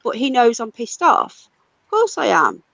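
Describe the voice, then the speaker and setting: A British woman hosts a livestream, fuming and swearing as she rants. Her voice sits fairly high and the sound is very dry and close. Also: wildly swooping pitch, moderate pace, creaky, fairly bright tone, dry recording, low-quality recording. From United Kingdom. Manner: angry, ranting, swears a lot. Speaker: livestream host. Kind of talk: casual livestream chat.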